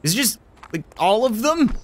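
A gaming YouTuber giving joking, sarcastic gameplay commentary with quick asides to the game characters. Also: medium pitch, very animated.

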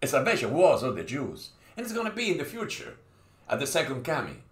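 A man preaching an informal sermon, swinging between loud and hushed and often repeating and restarting his phrases. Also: mid-range voice, huge pitch swings, fairly quick, echoey room.

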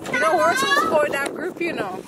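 A woman's voice: extremely high pitch, huge pitch swings, fast. A young woman chatting outdoors at a farm fair, teasing her friend and bossily urging her on. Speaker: friend of the vlogger. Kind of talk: casual chat. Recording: loud outdoor noise.

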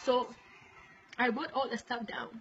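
High-voiced woman giving tearful testimony. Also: steady tone, a little slow, fairly bright tone, slight background noise. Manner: earnest, tearful and pleading. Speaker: person recounting a prophetic dream. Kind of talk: emotional spoken testimony. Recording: dull lo-fi recording with faint music.

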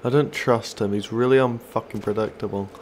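A man's voice: fairly low pitch, fairly even intonation, a little fast, a little mellow, slight background noise. A man giving casual, sweary gameplay commentary, taunting and mocking other players. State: stoned. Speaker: gaming YouTuber.

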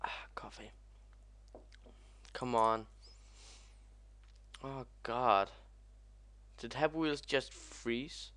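A young man commentating as he plays a video game, excitable and swearing often. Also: mid-range voice, very slow, pauses often. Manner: excitable, swears a lot, yelps at crashes. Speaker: gaming commentator. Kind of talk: let's play commentary.

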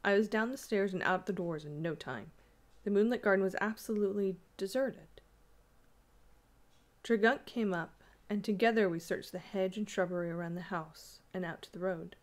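A woman reading a classic ghost story aloud in a measured, even storytelling manner. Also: mid-range voice. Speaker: audiobook reader.

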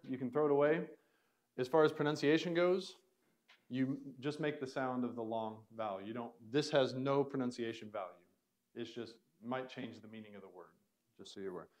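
A man lecturing to a small class in a church room, his voice sitting at an ordinary middle pitch. He explains loosely, pausing on fillers and starting sentences over. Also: a little mellow. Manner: casual, filler-heavy explaining with restarts. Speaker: Bible Greek teacher.

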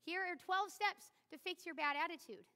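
A high-voiced woman in her thirties delivers a conversational sermon, candid and quick to poke fun at herself. Her tone is bright and forward, and long church reverb trails each phrase. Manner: candid, self-deprecating, conversational. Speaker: preacher. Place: church sanctuary.

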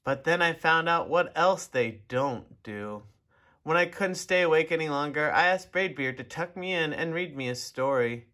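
A man reading a children's picture book aloud in an expressive, animated way. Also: fairly high pitch, normal speed. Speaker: storybook reader. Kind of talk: children's story read-aloud.

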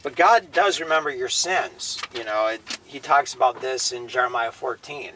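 A man teaching the Bible in a casual sermon style, often tagging his points with a quiet "okay?" or "you know". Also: mid-range voice, normal speed, slight background noise, low-quality recording. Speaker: preacher.

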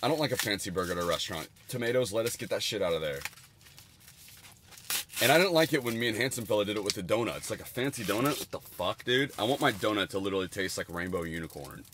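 Crude rambling young man, lowish voice. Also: quick pace, background noise. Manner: rambling, crude and jokey, with bursts of excitement. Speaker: streamer reviewing candy. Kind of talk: casual livestream food review.

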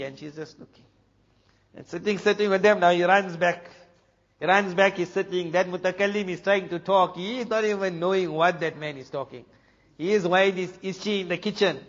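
A man from South Africa, a preacher telling a story in an animated way, dropping to a hush for the dramatic moments. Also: high-pitched, normal speed. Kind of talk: storytelling talk. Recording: dull lo-fi recording with long hall reverb.

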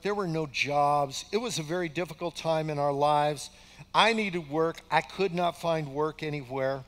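An older pastor in his sixties preaches in a folksy, conversational way, leaning hard on repeated phrases for emphasis. His voice sits high for a man. The sound trails off in the long reverb of a large church hall. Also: fairly bright tone. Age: 60s. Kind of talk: conversational sermon. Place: church sanctuary.

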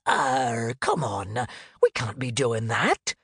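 A man voicing a gruff but soft-hearted male pirate with a hook hand, who growls "arr" and frets. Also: medium pitch, sing-song, slow, no echo, clean studio sound, voice pushed down, full character voice. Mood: fretful. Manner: growls "arr" before every line, fussy and worried.

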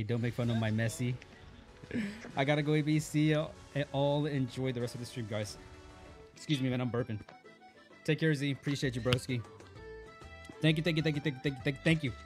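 A man's voice: mid-range voice, steady tone, brisk, pauses often, soft background music. A man live-streaming a mobile shooter, chatting casually and reacting to the match, calling everyone dude and bro. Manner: laid-back, peppers talk with "dude" and "bro". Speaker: game streamer.

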